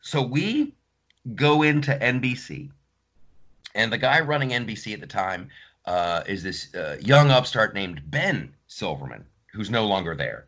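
A man's voice: mid-range voice, pushed and bright. A man telling a story in casual podcast chat, acting out other people's lines. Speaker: podcast host.

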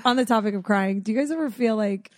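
A woman co-hosting a podcast in casual chat, animated and quick to laugh, swearing freely. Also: medium pitch, no room sound, clean studio sound. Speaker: podcast co-host.

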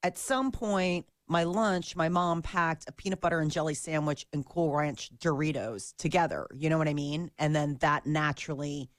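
A woman's voice: sits low, normal speed, few pauses, dry recording, studio quality. A woman co-hosting a morning radio show, chatting casually and eagerly about food.

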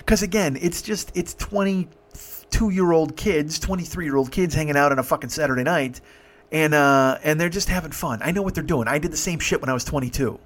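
A man's voice: a little high, a little fast, fairly bright tone. A man in his fifties, hosting a podcast, telling a long story in a profane, rambling way with many restarts. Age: 50s. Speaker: podcast host. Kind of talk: casual storytelling.

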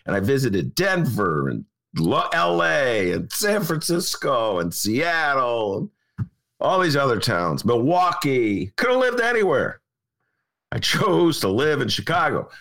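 Older male podcast host, animated pitch, rambling and emphatic chat. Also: unhurried, vocal fry. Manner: rambling, emphatic, repeats himself. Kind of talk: casual chat.

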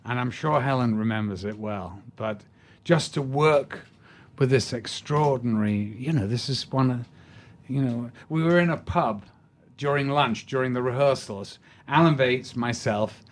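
An older man, an actor being interviewed, telling stories in a rambling, halting way with many restarts. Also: medium pitch. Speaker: actor, guest. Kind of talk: anecdotal storytelling in an interview.

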